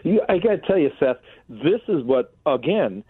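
A man's voice: on the high side, very animated, normal speed, breathy edge, no room sound. Radio guy rambling on, lots of "you know", sounds like a thin phone line. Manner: rambling, restarts sentences, frequent "you know". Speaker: radio co-host. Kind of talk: casual political talk radio chat.

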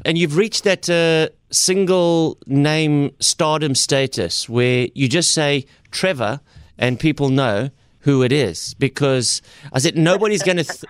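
A man's voice: a little high, no room sound, clean studio sound. A South African man hosting a radio show, friendly and joking with an old friend. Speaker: radio host and comedian. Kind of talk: casual radio interview.

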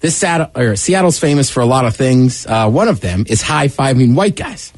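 Man on a radio show, lively pitch, husky, dry close sound, jokey. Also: moderate pace, no room sound. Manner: animated, jokey storyteller. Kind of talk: casual radio banter.

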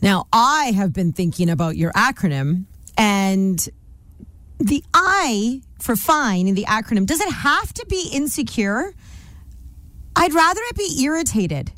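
A young woman co-hosts a relaxed talk show, chatty and quick with her asides. Her voice sits a little high. The sound is dry, close to the mic, with no room around it. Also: no room sound. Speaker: co-host. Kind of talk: casual chat.

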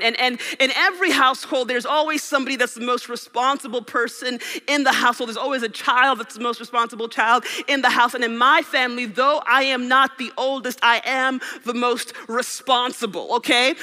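A man's voice: very high-pitched, pushed and bright. A man preaching a sermon to a live audience in a church hall, playful and joking as he leads the crowd. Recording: reverberant hall with keyboard music.

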